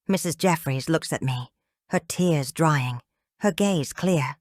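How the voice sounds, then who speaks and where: A woman reading a first-person audiobook with a measured, calm delivery. Her voice sits slightly low and the close mic gives a dry sound. It is steady, unhurried storytelling. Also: dry recording. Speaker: audiobook narrator.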